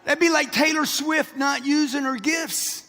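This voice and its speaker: A motivational speaker in his sixties addresses a live audience in a big event hall, his speech brash and punchy, with long reverb from the hall. He talks a little slowly in a very high-pitched, bright, forceful voice.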